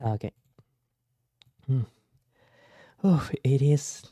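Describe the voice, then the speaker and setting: Male VTuber host, unhurried and polite, very warm dark timbre. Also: mid-range voice, dry recording, clean studio sound. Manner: soft-spoken, slow and somewhat formal phrasing. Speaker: VTuber streamer. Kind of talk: casual stream reaction.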